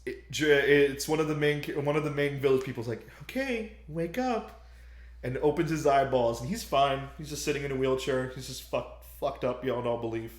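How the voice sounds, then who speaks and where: A young man co-hosting a podcast, retelling a movie plot in loud, profane, animated bursts and acting out screams. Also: medium pitch, fairly quick, few pauses, roomy sound. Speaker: podcast co-host.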